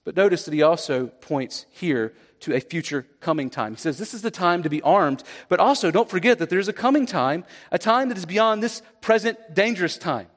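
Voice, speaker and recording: Pastor, male, high voice, conversational sermon delivery with emphatic peaks, church reverb. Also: lively intonation, a little fast, few pauses.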